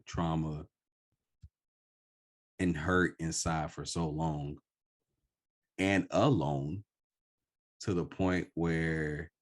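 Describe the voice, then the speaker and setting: A man with a very low, deep voice speaks slowly and earnestly. He is sharing a personal story in a reflective podcast conversation. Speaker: podcast host.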